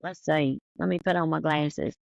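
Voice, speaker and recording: Southern woman co-host, gravelly drawl, dry muffled mic, casual storyteller. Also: sits low, fairly even intonation, moderate pace, no echo. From American South. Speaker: podcast co-host, hairstylist. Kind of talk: casual chat.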